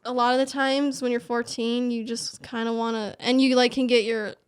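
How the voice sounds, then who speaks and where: A young woman with a smooth, clear voice, a guest on a casual chat. She talks hesitantly, filling pauses with "um" and "like.". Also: a little high, flat delivery. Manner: hesitant, filler-heavy.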